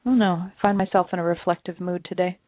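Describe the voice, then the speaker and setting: A woman's voice: on the low side, fairly even intonation, quick pace, dry recording. A woman co-hosting an internet radio show, telling stories in a reflective, casual way and laughing often. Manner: reflective storytelling with frequent laughs. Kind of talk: casual chat. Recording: tinny phone-line audio.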